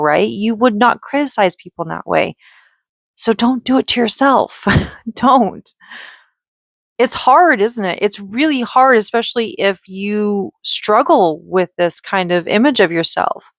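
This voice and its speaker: Tired woman vlogging, rambly and laughy, mid pitch, super dry close sound. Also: dry recording. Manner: rambling, many restarts and laughs. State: exhausted. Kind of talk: emotional personal vlog talk.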